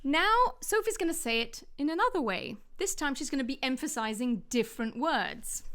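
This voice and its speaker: A woman teaching English pronunciation in a scripted lesson, stressing words deliberately to demonstrate. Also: sits high, expressive, fairly bright tone.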